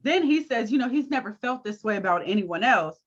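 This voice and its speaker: A woman co-hosting a casual TV recap, with quick, sassy reactions and asides. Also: fairly high pitch, lively intonation, lo-fi sound. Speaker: co-host of a TV recap show.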